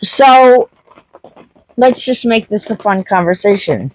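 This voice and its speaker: A woman's voice: medium pitch, expressive, slow, dry recording, poor audio. A woman homestead vlogger chatting casually to camera, telling a story with acted-out quotes.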